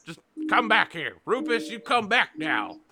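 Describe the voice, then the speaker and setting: A man voicing a slow-moving old farmer who scolds his dog. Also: sits high, very animated, background noise, voice pushed up, exaggerated voice. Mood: scolding.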